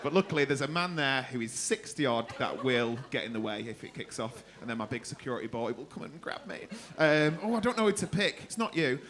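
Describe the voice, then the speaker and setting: A man's voice: mid-range voice, expressive, fairly quick, hardly any pauses. A man hosting a comedy club, doing teasing, foul-mouthed crowd work from the stage. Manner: brash, teasing, swears freely.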